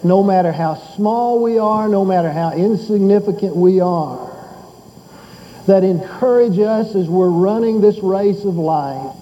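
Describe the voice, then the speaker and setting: A man's voice: high-pitched, unhurried, dark tone, highs cut off. An older man preaching a sermon as pastor. He tells folksy stories and builds to fervent exhortation.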